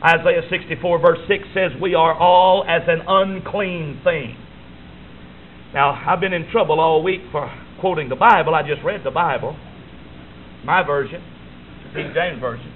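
A man preaching a fervent sermon in a church, moving between hushed passages and shouted ones. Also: a little high, normal speed, phone-quality sound, slight background noise. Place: church sanctuary.

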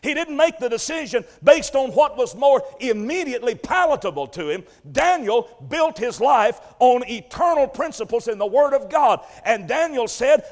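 A man's voice: very high voice, expressive, moderate pace, few pauses. A man preaching a sermon, retelling a story vividly and emphatically with repeated phrases. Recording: long hall reverb.

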